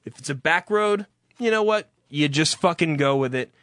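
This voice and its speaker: A man's voice: fairly high pitch, lively intonation, moderate pace, fairly bright tone, dry recording, clean studio sound. Exasperated man in a profane rant. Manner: exasperated, heavy swearing.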